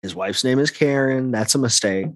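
A man's voice: mid-range voice, normal speed, no echo. A man co-hosting a casual podcast chat, teasing the others and giggling. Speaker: podcast co-host.

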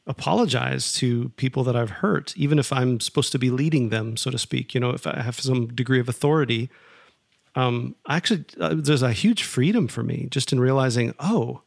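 Gravelly man thinking aloud. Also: medium pitch, fairly quick, dry recording, studio quality. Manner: reflective and earnest, thinks aloud with fillers. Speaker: podcast co-host. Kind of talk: casual chat.

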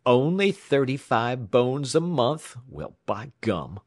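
A man voicing a menacing, contemptuous male tramp with a hoarse, gruff, slow drawl. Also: on the low side, lively intonation, dry recording, studio quality, pitched above the performer's own voice.

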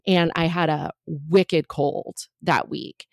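A woman's voice: low voice, fairly even intonation, takes it slowly, vocal fry, no room sound, studio quality. A woman comedian in her thirties telling a story as a podcast guest, chatty and full of fillers and jokey asides.

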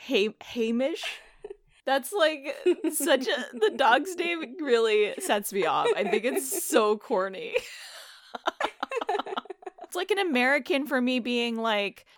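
A woman co-hosting a casual film podcast, chatting in an animated way and laughing often. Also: on the high side, takes it slowly, dry recording, studio quality. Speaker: podcast co-host. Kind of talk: casual chat.

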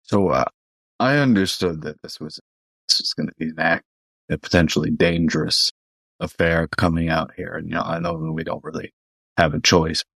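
Brief: deep-voiced male player, blunt, swears freely. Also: steady tone, moderate pace, gravelly, fairly bright tone, breathy edge, dry recording. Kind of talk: tabletop role-play.

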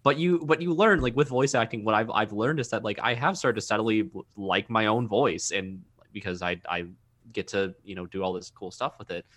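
A man's voice: fairly low pitch, a little fast, fairly bright tone. A young man from Minnesota, a voice actor, chatting casually on a podcast, rambling with lots of filler words and restarts.

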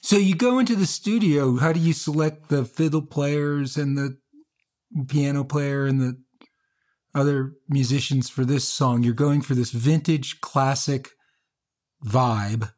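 A man's voice: medium pitch, unhurried, darkish tone. A man hosting an interview, asking curious, probing questions and rephrasing them as he goes. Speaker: interview host.

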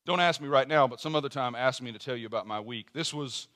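A middle-aged pastor preaches a sermon earnestly, his medium-pitched voice moving fast. He drops to soft personal asides, then rises to strong emphasis.

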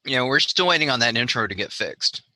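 A man's voice: mid-range voice, expressive, fast, pushed and bright, dry recording. A man with a Southern US accent co-hosting a casual wrestling podcast, rambling and repeating his words as he talks. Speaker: podcast co-host. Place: Pennsylvania.

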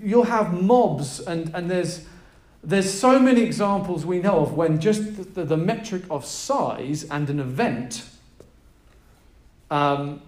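Male pastor, high voice, energetic and emphatic sermon delivery, roomy echo. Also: slow. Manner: emphatic, energetic preaching with audience prompts. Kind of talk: sermon to a live group. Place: room with a gathered group.

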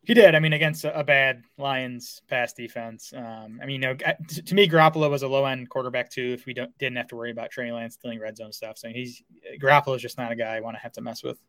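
Quick guy rattling off fantasy football takes, lots of um and you know, dry sound. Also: medium pitch, steady tone, a bit bright, no echo. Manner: fast, filler-heavy talk with restarts. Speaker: fantasy football podcast co-host. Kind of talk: casual sports analysis chat.

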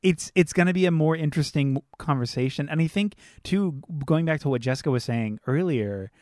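A man's voice: a little high, a little fast, darkish tone, no room sound, clean studio sound. A man in a casual film chat, reflective and hedging, with a wry side.

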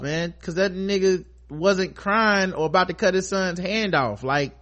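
A man's voice: high voice, measured pace, a bit bright. A man hosting a casual podcast, reading listener emails aloud with profane, joking asides. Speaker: podcast host.

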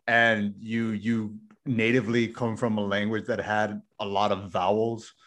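A man's voice: on the low side, level tone, a little slow, fairly bright tone. A man co-hosting a casual podcast, talking through opinions with lots of hedging and steering the chat. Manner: thoughtful, hedging with "like", steers topic back. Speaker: podcast co-host.

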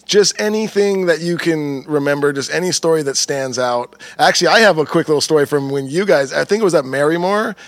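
A man in his thirties, a touring musician, tells stories in a casual, animated and profane way, laughing as he goes. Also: a little high, a little fast, few pauses, no room sound. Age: 30s. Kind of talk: casual storytelling chat.

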